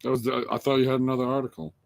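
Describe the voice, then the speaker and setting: A man's voice: mid-range voice, level tone, racing, vocal fry, no echo. A man co-hosting a casual podcast, dropping dry, wisecracking remarks. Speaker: podcast co-host. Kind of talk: casual chat.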